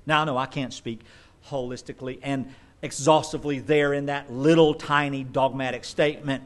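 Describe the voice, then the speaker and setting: A man preaching a sermon as pastor, emphatic and conversational, with quick asides. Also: mid-range voice, fairly even intonation, a bit bright.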